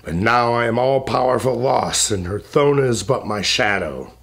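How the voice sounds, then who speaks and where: A man's voice: mid-range voice, moderate pace, creaky, fairly bright tone. Los, a furious proud god, as a man puts him on. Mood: defiant. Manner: defiant, declaiming. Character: furious proud male god, boastful and defiant.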